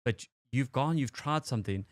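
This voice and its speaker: A man's voice: mid-range voice, moderate pace, no room sound. A man hosting a podcast interview, recapping the guest's story in a loose, conversational way with false starts. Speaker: podcast host. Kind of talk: casual interview chat.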